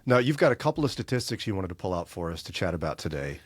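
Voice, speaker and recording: Lively, playful male podcast host. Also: low voice, fast talker, slightly rough, no room sound, clean studio sound. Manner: playful, teasing, asking questions. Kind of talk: conversational podcast interview.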